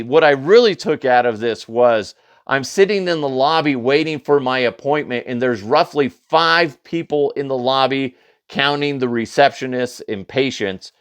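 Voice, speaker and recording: A man hosting a comedy news podcast, telling funny stories in a chatty, animated way and laughing at his own jokes. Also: mid-range voice, smooth, no echo. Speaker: podcast host. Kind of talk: casual comedic storytelling.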